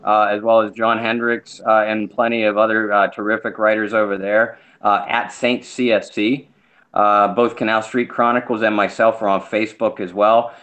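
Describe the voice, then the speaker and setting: A man with a fairly low voice, a guest sports writer on a casual podcast. He talks in a hesitant way and keeps the tone joking. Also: level tone, normal speed, fairly bright tone, dull audio.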